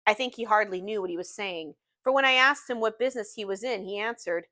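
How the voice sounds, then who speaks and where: A woman teacher reading a novel aloud to her class in an expressive, measured storytelling manner. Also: mid-range voice, no echo, clean studio sound.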